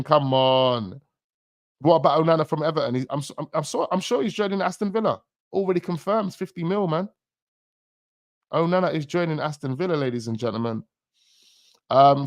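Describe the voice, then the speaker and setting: A man's voice: mid-range voice, no echo, clean studio sound. Slangy man chatting about football. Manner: slangy, rambling, chuckling asides. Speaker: football channel host. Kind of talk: casual live-stream chat.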